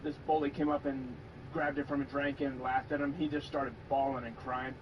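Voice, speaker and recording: A man's voice: medium pitch, little pitch movement, moderate pace, lo-fi sound, background noise. A man chatting on a stream, telling a story hesitantly with many fillers. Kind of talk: casual chat, telling a story.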